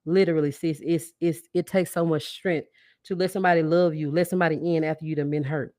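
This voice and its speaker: A woman's voice: low voice, steady tone, quick pace, darkish tone, dry recording, studio quality. A woman hosting a podcast, giving a preachy, motivational monologue with call-and-response lines and frequent laughs. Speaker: podcast host.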